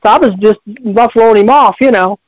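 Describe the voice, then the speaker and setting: A man's voice: sits high, brisk, no echo, dull audio. A man calling in to a radio show, telling a long story in a rambling, folksy way with many restarts. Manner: folksy, repetitive, lots of restarts.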